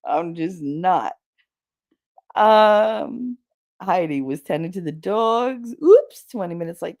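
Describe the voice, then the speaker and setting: A woman's voice: fairly low pitch, animated, slow, a little mellow. A woman hosting a casual livestream, chatting with her viewers, laughing often and swearing casually. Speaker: livestream host.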